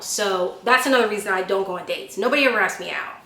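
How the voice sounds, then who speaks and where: Woman vlogger, 20s, lively storyteller, bright tone, roomy sound. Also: fairly high pitch, quick pace, hardly any pauses. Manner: animated storyteller, laughs at herself. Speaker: vlogger answering viewer questions. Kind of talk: casual chat.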